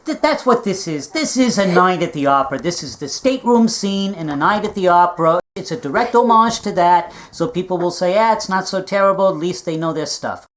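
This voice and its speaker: A woman playing a long-winded schemer who lectures and keeps adding "all right?", in a low-budget comedy film. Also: expressive, fairly quick, few pauses, slight background noise, natural voice. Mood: lecturing. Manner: rambling, lecturing, with many "all right?" asides.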